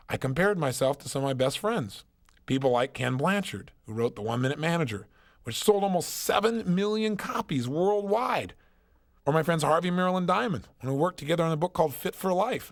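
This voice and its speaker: A man giving a motivational seminar talk, telling stories emphatically and asking rhetorical questions. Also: fairly high pitch. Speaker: motivational speaker.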